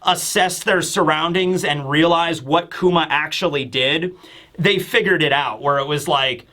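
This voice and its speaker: Excitable, high-voiced man reviewing manga. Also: a little slow. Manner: excitable, bursts into shouting. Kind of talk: casual commentary.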